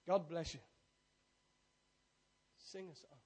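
A man pastor preaching a sermon, swinging from soft confiding asides to loud shouted prayer lines for the congregation to repeat. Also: sits high, lively intonation, measured pace, long pauses. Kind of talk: sermon with call-and-response prayer.

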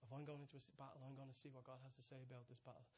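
A man preaching a sermon, telling stories with many restarts, dropping to hushed asides and rising to excited peaks. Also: mid-range voice, very fast, a little hiss or hum. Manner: storytelling, swings from soft hushed asides to loud excited peaks.

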